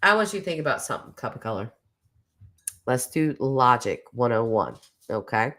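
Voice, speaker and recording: Lively chatty woman streamer. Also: very deep voice, moderate pace. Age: 40s. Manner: chatty and self-mocking, laughs often. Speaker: livestream host. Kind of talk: casual livestream chat reading viewer comments.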